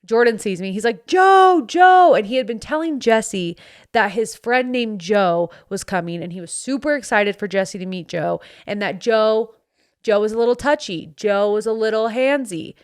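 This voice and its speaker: Chatty woman with a smooth voice. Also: medium pitch, moderate pace. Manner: animated, acts out friends' voices in quotes. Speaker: podcast host. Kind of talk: casual storytelling chat. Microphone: studio microphone.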